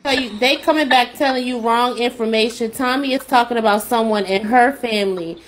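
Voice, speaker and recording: A woman on a live stream calmly explaining a mix-up to the host. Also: a little high, a little fast, poor audio. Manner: calm, clarifying explanation. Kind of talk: casual live stream chat.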